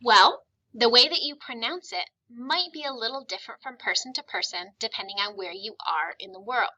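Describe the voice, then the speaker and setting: A woman teaching phonics with a very bright, clear tone that sits a little high. She is patient and encouraging, and she stretches out each vowel sound slowly so the children can copy it. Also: low-quality recording. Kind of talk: classroom phonics lesson.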